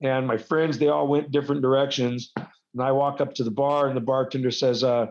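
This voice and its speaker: A man's voice: medium pitch, level tone, a little fast, a little mellow. A man who wrestles, chatting casually as an interview guest and rambling through self-deprecating stories. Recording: dull lo-fi recording.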